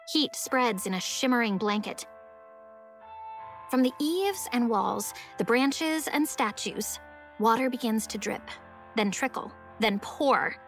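A woman narrating a children's fantasy audiobook in the first person, lively and expressive. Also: fairly high pitch.

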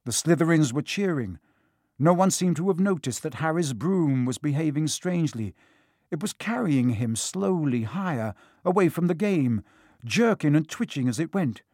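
A man narrating a children's storybook in a steady, expressive reading. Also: fairly high pitch, normal speed, no echo, clean studio sound. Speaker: audiobook reader.

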